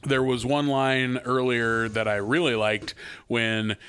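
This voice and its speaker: A man's voice: mid-range voice, flat delivery, takes it slowly, fairly bright tone, smooth. A man in his thirties cohosting a casual podcast chat, laughing often and swearing freely. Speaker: podcast co-host.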